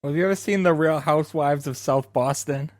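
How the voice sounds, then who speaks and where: A man's voice: on the high side, a little fast, dry recording. A man on a podcast panel, dropping short, dry sarcastic quips in casual chat.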